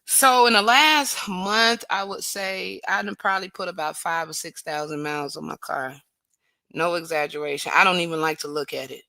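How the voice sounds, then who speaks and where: Bright woman chatting on a livestream. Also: fairly low pitch, normal speed, creaky, dry recording. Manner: chatty, greets viewers by name, praises God often. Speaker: livestream host. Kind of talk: casual livestream chat.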